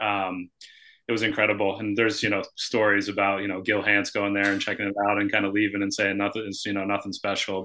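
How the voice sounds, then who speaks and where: An American man from the north-east USA, a golf professional guest on a podcast, talking casually with many fillers and trailing off softly. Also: fairly low pitch.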